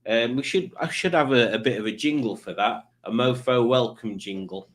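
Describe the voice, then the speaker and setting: A man's voice: medium pitch, normal speed. Rambling, jokey man hosting a quiz. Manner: rambling, self-mocking, jokey asides. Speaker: quiz show host. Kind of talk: casual live-stream chat.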